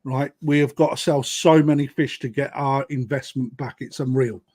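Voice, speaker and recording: A man's voice: medium pitch, fairly even intonation, moderate pace, a little mellow, breathy edge. A man, a koi dealer, talking bluntly on a live-stream chat and tagging points with "right?". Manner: blunt, emphatic, keeps adding "right?".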